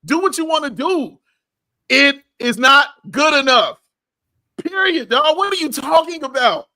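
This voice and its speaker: A man's voice: extremely high pitch, very animated, normal speed, pushed and bright. A man co-hosting a sports podcast, ranting heatedly in casual talk and repeating phrases for emphasis. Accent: Chicago.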